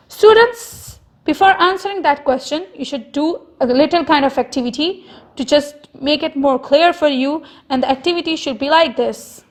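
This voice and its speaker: High-voiced woman teacher explaining slowly. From Pakistan. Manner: slow, repetitive explaining with stressed example sentences. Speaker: school teacher. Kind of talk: recorded online lesson.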